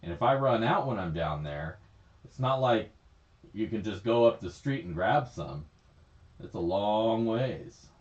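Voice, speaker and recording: A man's voice: lowish voice, expressive, a little slow. A man chatting casually on a livestream, rambling, laughing often and swearing freely. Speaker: livestream host. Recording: echoey, slightly dull stream audio.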